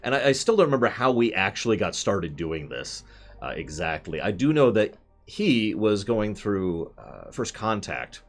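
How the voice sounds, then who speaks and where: A man's voice: on the low side, big pitch swings, moderate pace, soft background music. A man hosting a casual chat over a video call, rambling and joking at his own expense. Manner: rambling, jokey, self-deprecating. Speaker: host.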